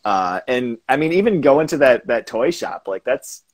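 A laid-back male host chatting with a guest, reacting with easy slang and laughs. His voice is husky and swings widely in pitch. The sound is dry and close, with no room echo. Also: animated, moderate pace. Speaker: podcast host. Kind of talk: casual interview chat.

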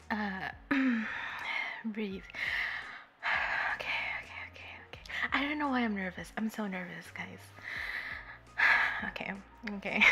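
A woman livestreaming and chatting warmly with her viewers. She giggles often, sounds nervous, and is a little tipsy. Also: medium pitch. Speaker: streamer greeting chat. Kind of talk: casual livestream chat.

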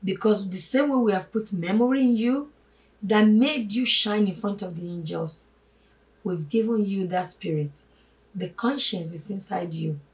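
A woman giving a spoken sermon, emphatic, swinging from loud stresses to hushed asides and calling listeners her brothers and sisters. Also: medium pitch, a little slow. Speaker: religious teacher. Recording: voice a little distant from the mic.

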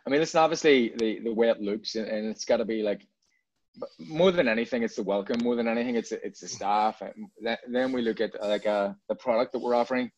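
A man's voice: medium pitch, fast talker, darkish tone, dry recording. A man, a bar owner chatting in an interview, rambling and repeating words as he restarts his sentences. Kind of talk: casual interview chat. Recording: dull lo-fi sound, dry.

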